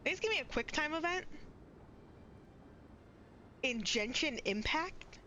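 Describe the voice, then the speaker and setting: Excitable, high-voiced woman streamer. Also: slow, a little hiss or hum. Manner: excitable, chatty, exclamatory. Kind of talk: live game-reaction stream.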